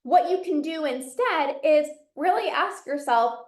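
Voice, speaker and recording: A woman's voice: sits high, animated, measured pace, hardly any pauses, roomy sound. A woman coaching on binge eating in a casual, earnest way, often adding "like" and "right?" as she talks. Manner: earnest, conversational, many "like" and "right?" fillers. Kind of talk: casual direct-to-camera advice.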